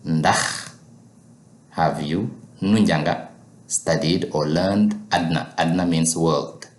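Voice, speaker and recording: A man with a very low voice teaching a language lesson at an unhurried pace. He repeats each word patiently for his learners. The room around him sounds echoey.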